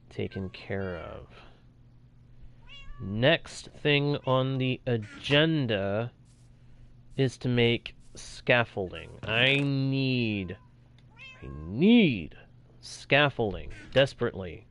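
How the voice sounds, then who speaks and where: A man's voice: mid-range voice, slight background noise. A young man talking casually over his own gameplay as a streamer, reacting aloud to what happens on screen. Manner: chatty, reacts aloud while playing. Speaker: gaming streamer.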